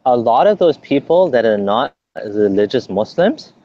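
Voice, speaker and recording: A man's voice: medium pitch, big pitch swings, moderate pace, dark tone, muffled recording. A man being interviewed as a guest, explaining at length in an earnest, conversational way, often restarting his sentences.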